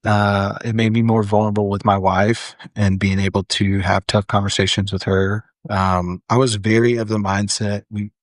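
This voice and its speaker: This young firefighter, a guest on a podcast, shares a personal story in an earnest, candid way, restarting often and leaning on "like" as filler. He speaks at a moderate pace in a fairly low, level voice with hardly any pauses. The audio is dry and studio quality.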